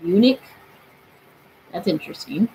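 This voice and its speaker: A woman's voice: on the low side, lively intonation, unhurried, mellow, a little hiss or hum, poor audio. A woman in her twenties streaming from her bedroom, chatting casually and asking spirits questions aloud. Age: 20s. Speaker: paranormal streamer. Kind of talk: casual live-stream chat.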